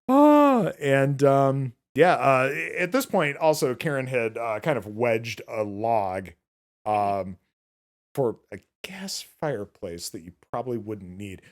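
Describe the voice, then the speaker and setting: Podcast host guy rambling thru a movie recap, curses a bunch, ums everywhere, normal middle voice. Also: medium pitch. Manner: rambling, swears freely, many filler words. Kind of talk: casual film recap chat.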